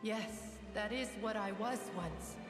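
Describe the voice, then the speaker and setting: Woman voicing a sorrowful water spirit woman, slow, dreamy, game audio, echoey and distant, music behind. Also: mid-range voice, lightly acted. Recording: echoey reverb from far off with music.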